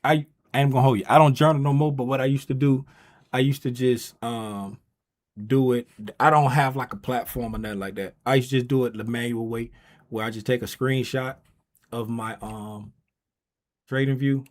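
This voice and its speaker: A man chats casually through a trading livestream at an ordinary pitch. He teases his viewers in a playful, loose way. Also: fairly even intonation, moderate pace. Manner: playful, teasing banter with viewers.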